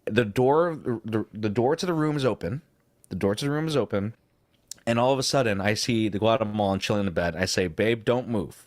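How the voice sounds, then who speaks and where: A man co-hosting a casual podcast, telling a story with lots of swearing and high-pitched quoted voices. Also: a little fast, no room sound. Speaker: podcast co-host.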